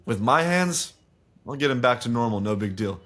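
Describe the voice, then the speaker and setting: A man's voice: medium pitch, lively intonation, moderate pace, fairly bright tone, natural voice. Man quoting a blunt, strict surgeon. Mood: stern.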